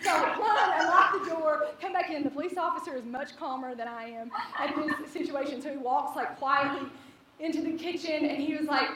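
A young woman telling a funny personal story to a live audience, animated and laughing as she acts out the people in it. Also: high-pitched, a little fast, crowd noise. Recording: echoey hall, distant mic, audience.

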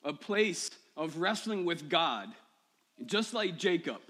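A male pastor preaching a personal sermon to his church, moving from quiet confession to impassioned, rising appeals. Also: a little high, expressive, slow pace. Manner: personal, builds to impassioned shouting. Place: church sanctuary.

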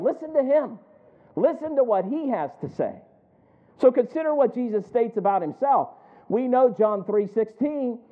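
A man preaching a sermon in a strikingly high voice. He calls out to his listeners for responses and slows right down to stress each verse he reads. The sound is thin and tinny, like a phone line. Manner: calls for responses, quotes scripture slowly with emphasis.

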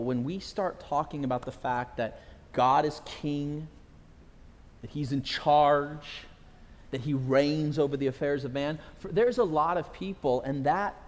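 A middle-aged pastor from California preaches with a somewhat high voice, building his points through stories and repeated phrases. His sermon rings out with the long reverb of a large hall. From California, USA. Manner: animated storytelling preacher, repeats phrases for emphasis.

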